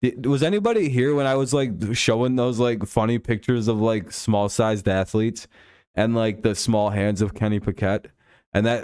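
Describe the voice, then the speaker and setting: A man's voice: mid-range voice, moderate pace, darkish tone, clear, resonant tone, no room sound, studio quality. A man hosting a live stream, casually chatting with viewers while commenting on a football game, rambling, laughing often and swearing freely.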